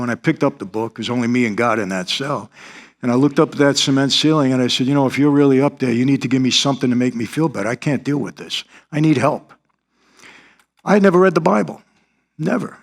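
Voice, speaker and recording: As an interview guest, a middle-aged man with a medium-pitched, creaky voice tells his life story. His testimony is earnest and confessional.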